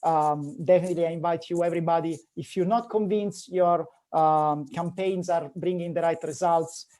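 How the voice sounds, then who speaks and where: A man's voice: on the high side, steady tone, moderate pace, dark tone. A man from Rome with an Italian accent, a guest speaking plainly and matter-of-factly in a casual interview. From Rome, Italy. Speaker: guest, dental marketing agency.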